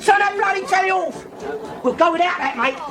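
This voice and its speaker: A ranting old bigot. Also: male voice, extremely high pitch, brisk, a crowd in the background. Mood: defiant. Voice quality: loud, hectoring, swears constantly. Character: blustering bigoted old working-class man, ranting. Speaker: sitcom character. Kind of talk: 1970s sitcom acting. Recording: studio audience laughter and hiss.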